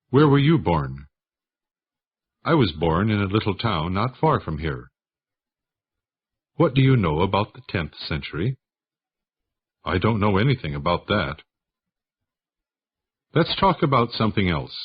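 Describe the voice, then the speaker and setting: For an English lesson, a man reads scripted sentences slowly, working through questions and their answers one by one. His husky, low voice moves up and down expressively, captured on a dull, lo-fi recording.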